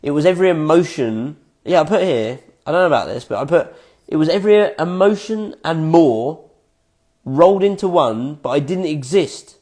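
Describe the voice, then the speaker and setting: Brief: vlogger reading his notes aloud, reflective and profane, slightly higher voice, keeps giggling. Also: expressive, moderate pace, darkish tone. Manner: reflective, swears casually. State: fits of giggling.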